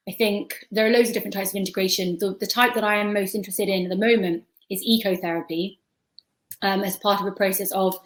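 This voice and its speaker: A woman's voice: mid-range voice, rough recording. Chatty woman on a video call. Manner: thoughtful, restarts words, chatty. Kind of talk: casual panel discussion on a video call.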